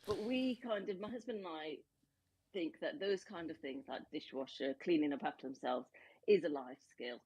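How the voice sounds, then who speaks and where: A woman in her forties, a caller in a group chat, talking in a lively, emphatic way about her four kids. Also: sits low, normal speed, a little hiss or hum, rough recording. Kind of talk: casual chat.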